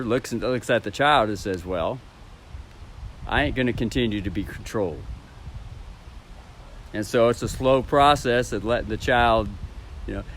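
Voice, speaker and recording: A man's voice: on the high side, a bit bright, slight background noise. A man rambling to camera in a casual vlog, swearing and chuckling as he talks. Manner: rambling, profane, chuckling to himself.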